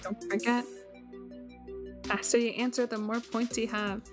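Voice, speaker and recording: High-voiced playful woman hosting a quiz. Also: little pitch movement, unhurried. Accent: Cantonese. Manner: playful, teasing, mixes English and Cantonese. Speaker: quiz host and teacher. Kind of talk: hosting a live online quiz lesson. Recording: music playing behind the voice.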